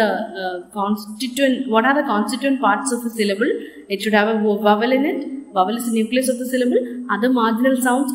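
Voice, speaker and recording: A woman teaching a lesson, patiently repeating example words slowly and checking with "okay?" as she goes. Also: on the high side. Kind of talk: classroom lecture on phonetics. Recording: echoey room with long reverb.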